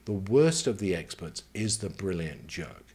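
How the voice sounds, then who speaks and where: A man speaking as a career mentor, giving advice in a measured, conversational way and taking his points one at a time. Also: low-pitched, very animated, a little mellow, husky.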